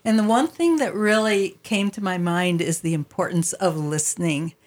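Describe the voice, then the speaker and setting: A woman's voice: on the low side, normal speed. A woman interviewing a guest, thoughtfully summing up what she heard. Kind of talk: reflective conversation.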